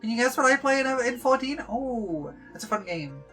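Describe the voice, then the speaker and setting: A young woman chats her way through a game stream. Her voice is bright and clear, rambling along with plenty of fillers and playful repeated jokes. Faint game music plays underneath. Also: on the high side, very animated, moderate pace. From Yorkshire, England. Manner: chatty and rambling, with lots of likes and ums. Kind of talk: casual livestream chat.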